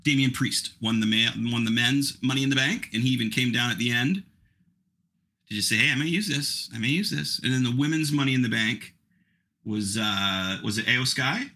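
Middle-aged man, podcast host, casual rambling chat, husky edge. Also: mid-range voice, moderate pace, bright, forceful tone. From Canada. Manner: chatty, rambling, self-mocking.

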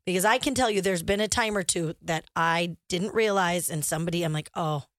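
A woman's voice: fairly low pitch, brisk, fairly bright tone, no echo, clean studio sound. A woman co-hosting a radio show, chatting casually with a giggly, self-deprecating manner. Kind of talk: casual chat.

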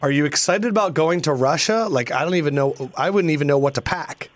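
A man hosting a sports podcast, teasing his co-host in quick, casual banter. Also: a little high.

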